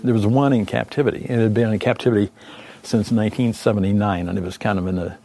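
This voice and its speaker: A former condor recovery team leader, an older man with a low, gravelly, mellow voice, talks fast with fairly even intonation. He is an interview guest reflecting on the past, rambling with many fillers and self-corrections.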